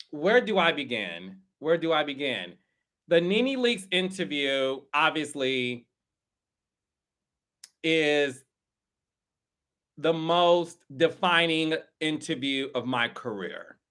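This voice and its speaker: A man's voice: fairly high pitch, sing-song, takes it slowly, pauses often, pushed and bright. A man hosting a casual livestream, chatting and greeting viewers by name. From Texas. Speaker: host.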